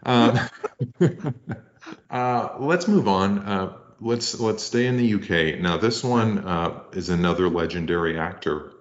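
A man co-hosting a podcast, making halting, mock-grand introductions. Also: low-pitched. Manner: hesitant, faux-grand introductions with fillers. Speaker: podcast co-host. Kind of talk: deadpan comedy bit. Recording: slightly muffled lo-fi audio.

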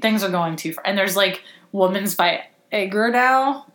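Young woman co-host, blunt and sweary, mid-pitched, recorded in a roomy space. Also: unhurried, a crowd in the background. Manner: blunt, profane, storytelling with acted-out quotes. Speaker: podcast co-host. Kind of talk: casual chat. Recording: roomy echo.

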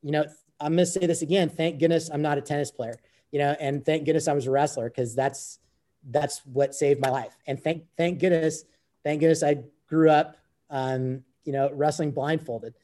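Fairly high and warm, this man's voice stays mostly even at a normal speed. As an interview guest he tells a personal story conversationally, earnest in tone and prone to repeating himself.

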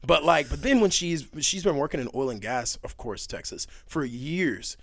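A young man on a podcast, telling stories in a casual, animated way, laughing often and leaning on fillers. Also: a little high, moderate pace, no echo, studio quality. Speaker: podcast guest. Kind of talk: casual storytelling chat.

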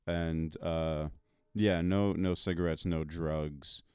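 A man talking as a podcast guest in a relaxed way, agreeing often and swearing casually. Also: sits low, slow, smooth, dry recording, clean studio sound. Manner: relaxed, agreeable, many fillers, profane. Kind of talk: casual chat.

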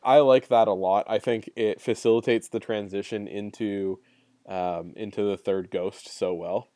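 A man's voice: on the low side, steady tone, unhurried, mellow, no room sound. A man in a casual chat, thinking aloud and searching for words.

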